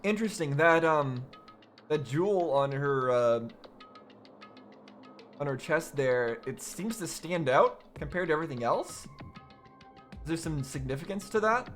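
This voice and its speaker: A man's voice: a little high, animated, unhurried, pauses often, a bit bright, soft background music. A man playing a story game blind for the first time, thinking aloud and restarting his sentences as he puzzles things out. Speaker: gaming video host. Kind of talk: blind playthrough commentary.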